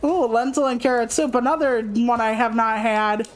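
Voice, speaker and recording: Brief: young woman gaming streamer, slightly high voice, rambling candid chatter full of swearing, faint game music underneath. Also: steady tone, normal speed, low-quality recording. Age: young adult. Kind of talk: casual gaming stream chat.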